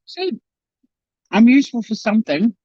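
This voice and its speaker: A man's voice: very high voice, very animated, moderate pace, a little mellow, dry recording. A man hosting his own channel, chatting casually on a live-stream while eating, rambling and talking with his mouth full. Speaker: YouTube channel host. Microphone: home live-stream camera mic. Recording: dull, dry lo-fi live-stream audio.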